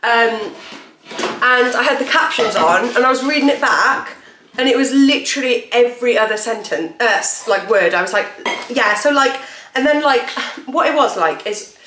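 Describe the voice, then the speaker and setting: A chatty young woman with a fairly high voice, talking casually at home for her vlog. She peppers every sentence with "like" and "literally". The room rings with echo, and there is a faint hiss behind her. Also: lively intonation, moderate pace. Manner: chatty, says "like" and "literally" constantly. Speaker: vlogger and mother. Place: home interior. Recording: echoey room with faint noise.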